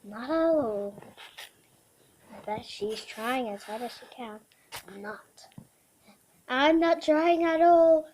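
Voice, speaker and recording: A woman voicing her pet dog as a whiny, dramatic female dog that pleads, whispers and cries out in a high voice. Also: animated, takes it slowly, long pauses, a little mellow, slight background noise, poor audio. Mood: petulant.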